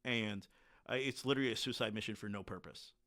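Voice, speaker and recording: A man's voice: fairly low pitch, fast, a bit bright. Blunt man telling war stories. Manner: blunt, candid war storytelling with frequent filler words. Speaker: podcast guest, military veteran. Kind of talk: casual conversational storytelling.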